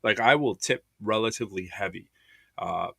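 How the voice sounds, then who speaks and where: A man's voice: fairly low pitch, normal speed, vocal fry, slightly rough, no echo. A man in his thirties, co-hosting a casual podcast chat, telling stories and acting out the people he quotes. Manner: animated storyteller, acts out quoted voices. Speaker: podcast co-host.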